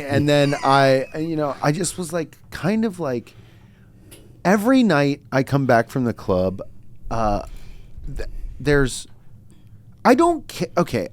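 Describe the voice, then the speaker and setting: Animated man telling an outraged story. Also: on the high side. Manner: animated storytelling, swearing, big jumps up to shouted outrage. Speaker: podcast host. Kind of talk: casual comedic chat.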